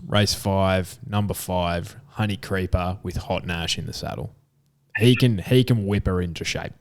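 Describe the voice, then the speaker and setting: Brief: man, podcast co-host, casual and joking, fairly low, clean smooth tone. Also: a little slow. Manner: laid-back, jokey, slangy. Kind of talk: casual racing podcast chat. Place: room at home.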